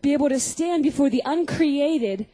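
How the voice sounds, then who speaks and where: A young woman with a high, warm voice speaks at a moderate pace, giving a personal testimony sermon at a Christian youth gathering. She tells stories, acts out scenes and asks her audience questions. The recording is rough.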